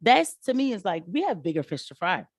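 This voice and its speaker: A woman giving casual political commentary on her channel, animated and rising in pitch when she gets riled. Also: brisk, dry recording, clean studio sound.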